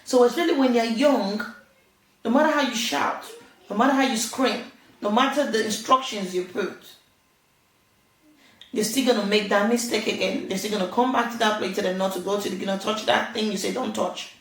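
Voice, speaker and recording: A woman's voice: medium pitch, a little fast. A woman giving casual parenting advice, earnest and chatty, laughing now and then. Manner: earnest, laughs often, acts out little quoted exchanges. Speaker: parenting vlogger. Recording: roomy echo, distant from mic.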